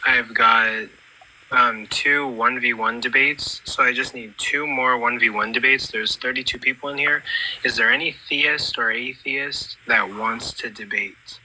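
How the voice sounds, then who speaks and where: A man hosting an online debate, organizing the one-on-one matches in a hurried way. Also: medium pitch, steady tone, pushed and bright, a little hiss or hum, rough recording. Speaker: debate host.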